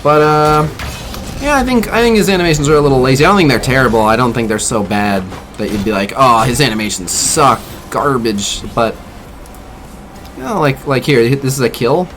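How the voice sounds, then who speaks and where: This streamer talks fairly quickly in an expressive, medium-pitched voice with a slightly bright edge, faint music playing behind him. While playing a mobile game he chats away, picks at what he sees and reacts to viewer chat.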